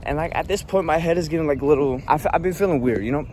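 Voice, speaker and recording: Young male vlogger, slightly high voice, cursing, rambling storytime rant, faint background noise. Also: rapid-fire, darkish tone. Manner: profane, annoyed, rambling with many fillers.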